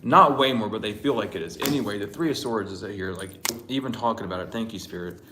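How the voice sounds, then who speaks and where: A man's voice: lowish voice, fast talker, noisy background. Blunt, profane man in a roomy room. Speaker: tarot reader. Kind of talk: casual spiritual reading rant. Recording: roomy echo.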